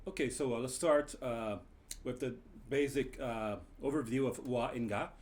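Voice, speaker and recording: Male teacher, mid-pitched, unhurried lesson delivery with frequent hesitations. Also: darkish tone. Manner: hesitant, many filler pauses while explaining. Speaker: Japanese language teacher. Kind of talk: language lesson.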